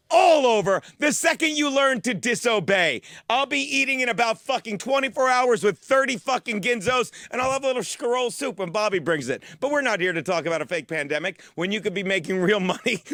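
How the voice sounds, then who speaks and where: High, bright-voiced foul-mouthed comic host. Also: male voice, dry recording, clean studio sound. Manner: foul-mouthed, mock-boastful, bursts into shouting. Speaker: host of a sports-betting picks show. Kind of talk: comic football picks monologue. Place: studio with a teleprompter.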